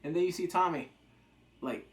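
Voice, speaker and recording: A man's voice: on the high side, normal speed. A man reviewing a TV episode in a casual, rambling, jokey recap chat. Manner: rambling, jokey, acts out quotes. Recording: roomy echo.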